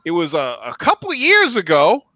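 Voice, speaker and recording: A man hosting a podcast, telling a story in a casual, profane, animated way. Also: sits high, normal speed, no room sound, low-quality recording. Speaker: podcast host.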